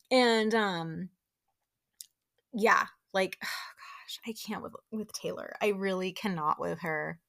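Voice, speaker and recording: A young woman hosting a podcast, recapping a show in animated, gossipy casual chat full of fillers. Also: mid-range voice, moderate pace.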